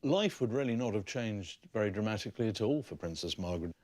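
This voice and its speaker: Low voiced guy explaining old documents, reads bits aloud, very dry room. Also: expressive, fast talker, darkish tone, dry recording. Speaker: archive historian.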